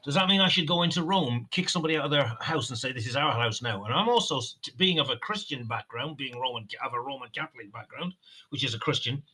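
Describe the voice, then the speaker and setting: A man's voice: medium pitch, lively intonation, fast talker, pushed and bright, breathy edge, low-quality recording. An Irish man ranting on a livestream, swearing freely and telling stories from his own life. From west of Ireland. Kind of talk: casual political chat on a livestream.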